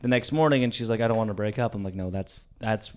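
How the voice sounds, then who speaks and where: A young man co-hosting a comedy podcast, telling a personal story in a loud, animated way, swearing freely and dropping to a hush for the tender parts. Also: lowish voice, quick pace, smooth. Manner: animated, swears a lot, swings from loud to hushed. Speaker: podcast co-host.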